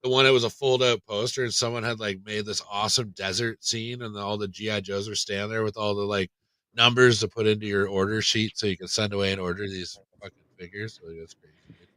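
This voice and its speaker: A man hosting a casual chat, rambling and relaxed, swearing now and then. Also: lowish voice, fast talker, dry recording. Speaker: host.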